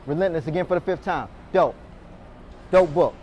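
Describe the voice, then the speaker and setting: In a meeting room with a live audience, a motivational speaker talks to door-to-door salespeople, energetically quizzing them and calling on them to answer. His voice is on the high side at a moderate pace, the highs are cut off, and soft music plays behind him.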